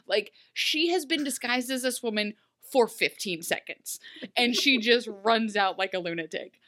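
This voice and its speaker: A woman co-hosting a casual chat, animated and quick to laugh, often dropping into little character voices. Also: fairly high pitch. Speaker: podcast co-host recapping a TV episode.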